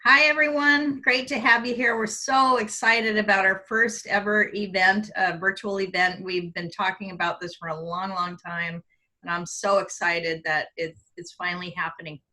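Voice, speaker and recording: A woman co-hosting a live virtual sales event over a video call, thankful and excited. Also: medium pitch, normal speed, low-quality recording. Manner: gushing, thankful. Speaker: co-host, president of a sales group. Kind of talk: excited live webinar chat.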